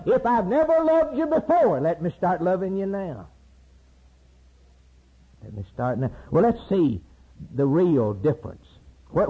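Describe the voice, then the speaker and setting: Male preacher, husky voice, tinny lo-fi tape, cries out high then drops low. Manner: swings from loud high cries to low hushed storytelling. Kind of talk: sermon.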